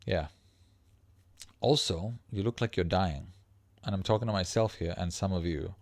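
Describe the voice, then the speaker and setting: Profane, animated man on a dry close mic. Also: deep voice, moderate pace, gravelly, no echo. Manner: profane, animated, laughs mid-sentence, acts out others' voices. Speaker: life coach and livestream host. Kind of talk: casual livestream monologue.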